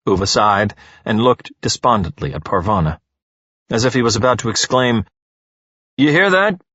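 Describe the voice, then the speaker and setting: Expressive male audiobook narrator, husky voice, dull lo-fi recording. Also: on the low side, normal speed, dry recording. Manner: expressive, storytelling.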